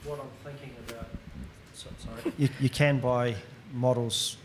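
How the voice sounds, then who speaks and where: A man in the audience asking a long question at a seminar, halting and thoughtful. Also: medium pitch, steady tone, a little hiss or hum. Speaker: audience member.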